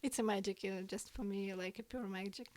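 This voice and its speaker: A woman from Ukraine, a poet and guest, chatting hesitantly with many fillers and laughs, sometimes dropping to a soft near-whisper. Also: mid-range voice, steady tone, brisk, dry recording. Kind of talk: casual podcast chat.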